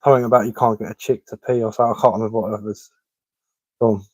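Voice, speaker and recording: A man's voice: lowish voice, little pitch movement, racing, no echo. A man chatting casually on a live stream from his living room, telling dad jokes and chuckling at them.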